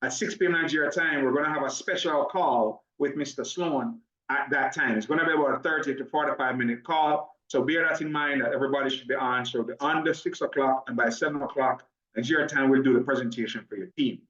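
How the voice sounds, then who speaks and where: A man with a Jamaican accent giving an upbeat, persuasive online sales presentation, talking fast when excited. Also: medium pitch, reverberant, far from the mic, highs cut off. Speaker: business opportunity presenter.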